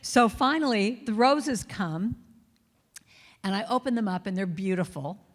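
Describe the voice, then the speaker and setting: A woman giving a storytelling talk to a congregation, lively and self-mocking, acting out her inner critic's voice. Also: mid-range voice, unhurried. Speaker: guest speaker. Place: large reverberant church hall. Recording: long hall reverb.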